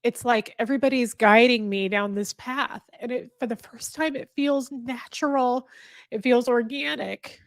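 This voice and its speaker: A woman hosting a livestream, talking candidly and earnestly to her viewers, halting and restarting her sentences. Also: a little high, steady tone, no echo, studio quality. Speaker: livestream host. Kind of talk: candid emotional talk to viewers. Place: indoor room with a fire.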